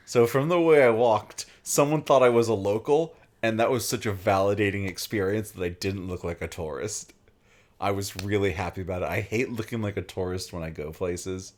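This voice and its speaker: Very deep-voiced rambling young man. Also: normal speed. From Virginia, USA. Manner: rambling, full of "like" and "um". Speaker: let's play host. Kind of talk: casual chat while playing a game.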